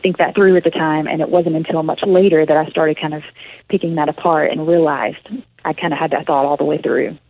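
A woman's voice: low-pitched, steady tone, a little fast, no room sound. Southern woman author on a phone line. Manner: earnest, reflective, many fillers and restarts. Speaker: author and guest. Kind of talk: radio interview.

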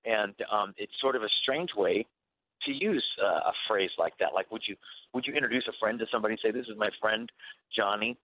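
Brief: male radio guest, somewhat low voice, earnest preaching tone, narrow phone-like sound. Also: lively intonation, a little fast, no echo. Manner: earnest, preachy, repeats words as he restarts. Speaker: guest author on Christian faith. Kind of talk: radio talk show interview.

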